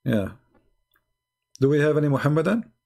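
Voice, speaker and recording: A man's voice: fairly high pitch, very animated, normal speed, creaky, darkish tone. A man hosting a live call-in debate show, talking in a blunt, mocking way with loose grammar.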